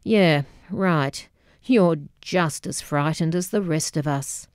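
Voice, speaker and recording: A woman voicing a terse older mother with a Scottish accent, flinty and deadpan. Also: deep voice, slow, clear, resonant tone, no room sound, studio quality.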